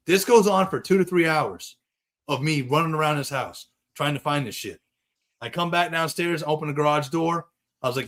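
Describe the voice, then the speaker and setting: A man with young kids, host of a casual chat show, telling a long profane story in a rambling, animated way. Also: on the high side, brisk. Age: adult with young kids. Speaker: podcast host, custom bike builder.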